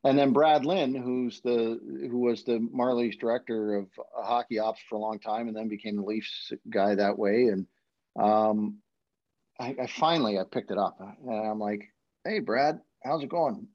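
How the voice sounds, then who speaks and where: A hockey broadcaster with a lowish, steady voice and moderate pace tells rambling anecdotes in casual podcast chat, full of fillers and restarts. The recording has a dull, lo-fi sound.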